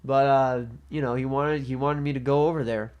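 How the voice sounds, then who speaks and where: A young man venting about a shift at work in a loose, rambling storytime rant. He swears constantly and loses his thread with fillers, at an ordinary middle pitch. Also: fairly even intonation, normal speed, clear, resonant tone, lo-fi sound. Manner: profane, rambling, frequent fillers. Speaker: vlogger.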